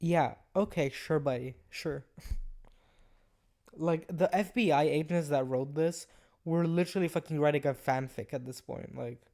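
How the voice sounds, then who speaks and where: A young adult hosts a podcast, reading messages aloud and picking them apart with casual, profane sarcasm. The voice sits in a middle pitch, and the disbelief comes through in the delivery. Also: moderate pace, gravelly, pauses often, a little mellow. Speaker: podcast host.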